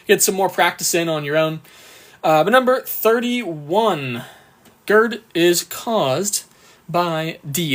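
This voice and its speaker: An exam prep tutor on a live stream works through exam questions one by one, reading them slowly and cheerfully thanking viewers often, while fighting a bout of hiccups. His voice sits high with a fairly bright tone, and his manner is upbeat.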